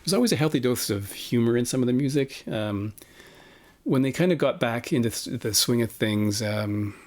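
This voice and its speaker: A man's voice: medium pitch, animated, normal speed, a little mellow. A man casually reviewing vinyl records he bought, frank and opinionated, with plenty of fillers and restarts. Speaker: record collector vlogger.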